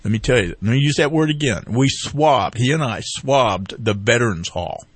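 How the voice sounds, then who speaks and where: A man's voice: medium pitch, expressive, brisk, breathy edge, dry recording. A man, a veteran, telling long stories as a guest on a talk interview, often retelling other people's words and looping back as he goes. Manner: rambling storyteller who retells others' words. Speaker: veteran guest promoting a fishing group. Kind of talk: casual talk-radio interview.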